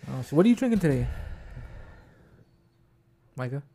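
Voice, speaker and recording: A man's voice: a little high, very animated, normal speed, mellow, husky. A man hosting a casual podcast chat, joking around and often searching for his words. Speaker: podcast host.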